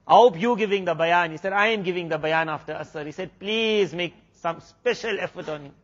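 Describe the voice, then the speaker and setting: A man's voice: sits high, brisk, highs cut off. A man preacher with a South African accent, telling a sermon story full of quoted exchanges. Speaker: Islamic preacher.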